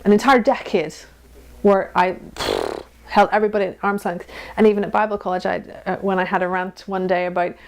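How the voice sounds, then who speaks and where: A woman's voice: medium pitch, fairly quick, vocal fry, slight background noise. Frank woman telling her story. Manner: frank, laughs often, animated storytelling. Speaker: interview guest. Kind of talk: candid personal conversation.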